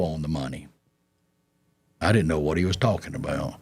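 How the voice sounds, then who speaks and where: Deep-voiced man telling a story. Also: moderate pace, darkish tone, breathy edge. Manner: folksy, drawling, chuckles through his story. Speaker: interview guest recounting his past. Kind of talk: storytelling in an interview.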